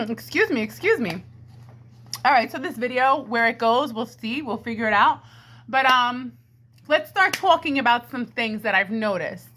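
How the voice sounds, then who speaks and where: A woman from Brooklyn, doing a theatrical, rambling comedy monologue into a handheld karaoke microphone with an echo, calling her viewers "my friends" and "ladies and gentlemen.". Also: on the high side, measured pace, a little hiss or hum. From Brooklyn, New York. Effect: karaoke mic echo. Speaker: comedy vlogger.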